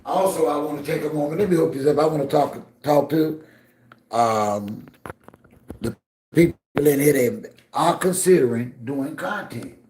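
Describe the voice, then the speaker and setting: A man's voice: fairly high pitch, moderate pace, darkish tone, echoey room. A man hosting a casual livestream, talking straight to his chat in a blunt, scolding, streetwise way. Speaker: livestream host.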